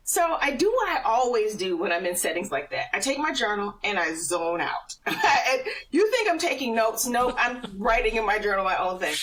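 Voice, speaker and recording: Animated middle-aged woman, a bit off-mic. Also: a little high, distant mic, rough recording. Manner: animated storyteller, laughs often. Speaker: podcast guest. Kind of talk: personal testimony in casual conversation.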